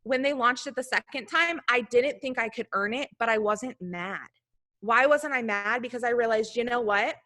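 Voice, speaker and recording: A woman's voice: on the high side, normal speed, pushed and bright. A woman leading her sales team, giving a talkative motivational talk full of "like" and loose asides. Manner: talkative, chatty, heavy use of "like".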